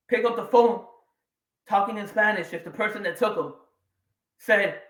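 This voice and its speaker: Guy in his 40s doing a big keynote story, dramatic pauses, roomy hall sound, mic kinda far. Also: high-pitched. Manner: dramatic pauses, swings between quiet and loud. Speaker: keynote speaker. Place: large event room or hall. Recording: echoey hall, voice a bit distant.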